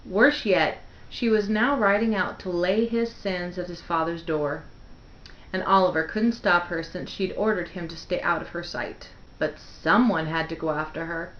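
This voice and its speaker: A woman with a fairly low voice reads the opening pages of a novel aloud, measured and expressive. The recording is roomy and a little dull, like a home setup. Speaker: book reader.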